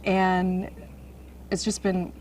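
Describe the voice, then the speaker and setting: A woman's voice: lowish voice, completely flat delivery, extremely slow, darkish tone. Candid young woman, distant and noisy. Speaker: interviewee, adopted daughter. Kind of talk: interview answers. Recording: distant mic with noticeable background noise.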